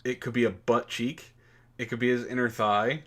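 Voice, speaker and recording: Give me a man with a medium-pitched voice, cracking jokes as a casual show host. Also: fairly even intonation, normal speed, fairly bright tone. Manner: joking, laughs often. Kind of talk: casual comedic chat.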